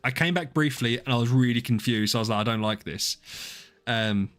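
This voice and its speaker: A man in his thirties hosts a live stream, and his middle-pitched voice wanders loosely from one thought to the next. He greets chatters by name and pokes fun at himself. Faint music plays under his talk. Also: normal speed, fairly bright tone. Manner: rambling, self-deprecating, talks to chat by name. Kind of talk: casual live-stream chat.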